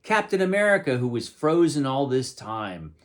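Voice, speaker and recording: A man's voice: medium pitch, big pitch swings, normal speed. A man giving a casual, conversational comic book review, full of wry asides.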